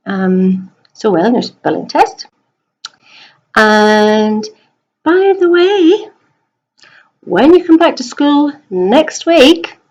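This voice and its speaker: A middle-aged woman teacher at home, chatting gently in a recorded message to young pupils. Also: mid-range voice, rough recording. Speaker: primary school teacher.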